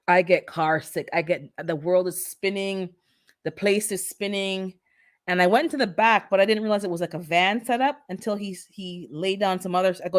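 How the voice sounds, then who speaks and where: A woman with a Jamaican accent chatting casually on a livestream, telling stories in a lively, chatty way. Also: lowish voice, moderate pace. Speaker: gardening channel host.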